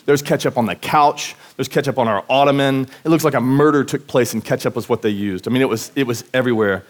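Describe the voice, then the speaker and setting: Male pastor, mid-pitched voice; relaxed, earnest sermon delivery full of casual asides and restarts. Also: quick pace. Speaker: pastor preaching. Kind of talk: conversational sermon with personal stories. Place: church service.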